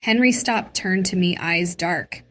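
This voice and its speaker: A woman tells a dramatic, emotional first-person story slowly and deliberately. Her voice sits on the lower side. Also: fairly bright tone. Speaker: narrator.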